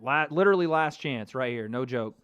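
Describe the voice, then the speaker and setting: An American man giving an excitable live reaction to a football match as a YouTube host, swearing and breaking into shouts. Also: medium pitch, a little fast, clean tone, dull audio. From United States.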